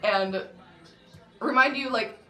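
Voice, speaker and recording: A young woman with a bright, sharp voice tells a dramatic storytime, swearing freely and breaking into laughter. The sound carries a roomy echo. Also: on the high side, takes it slowly, soft background music. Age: young adult. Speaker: vlogger. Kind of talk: casual storytime vlog.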